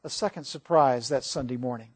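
A man preaching a sermon, animated, asking the congregation questions. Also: medium pitch, brisk, breathy edge.

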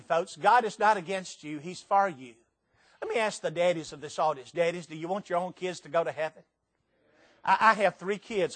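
Older male preacher, high-pitched, emphatic sermon delivery, live church audience. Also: a bit bright. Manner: emphatic, dramatic swings in pitch and volume.

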